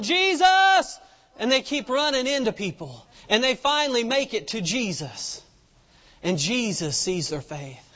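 A man's voice: very high-pitched, fairly bright tone. A man preaching a sermon in a folksy storytelling way, acting out the people in the story as he goes. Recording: dull lo-fi sound with long reverb.

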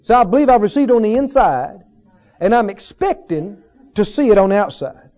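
A male preacher with a high, mellow voice delivers an earnest teaching sermon to a congregation. He leans on repetition and rhetorical questions. The recording is dull and lo-fi. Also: very animated, normal speed. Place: church service with a congregation.

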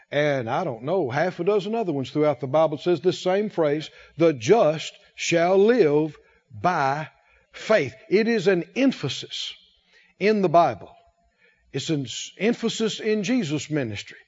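A man's voice: on the high side, a little mellow, highs cut off. A man preaching a sermon in church, quoting scripture and calling on the congregation to answer him. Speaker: pastor.

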